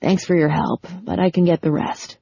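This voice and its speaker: Woman narrating a practical grown man, brisk, dark husky tone, dull dry sound. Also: on the high side, dry recording.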